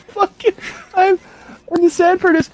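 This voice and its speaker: A man's voice: very high voice, a little mellow, low-quality recording. A man telling a funny story in casual chat, laughing often and acting out quotes with a raised voice.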